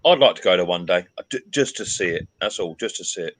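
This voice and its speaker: A man's voice: deep voice, expressive, fast, fairly bright tone. A man from England hosting a casual live stream chat, teasing his guests, greeting viewers by name and laughing often. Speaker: livestream host.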